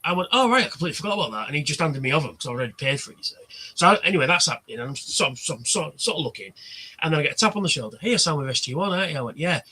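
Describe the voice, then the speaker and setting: A man's voice: a little high, sing-song, racing, sharp tone, husky. Chatty man telling stories. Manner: chatty storyteller, acts out quoted exchanges. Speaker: livestream host. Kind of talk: casual chat.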